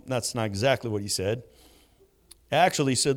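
A man preaching a sermon, swinging between hushed moments and loud bursts. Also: on the high side, sing-song, a little fast. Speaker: pastor.

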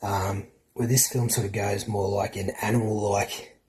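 An Australian man talks through a film review in a loose, chatty way and swears freely. His voice sits on the low side. He sounds like one of the regulars on a casual podcast. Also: level tone, moderate pace, darkish tone. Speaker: podcast co-host.

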